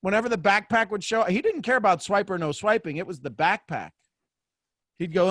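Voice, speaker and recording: A man hosting a casual group coaching chat, playful and animated and laughing often. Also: high voice, fairly quick, no echo, studio quality. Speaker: host.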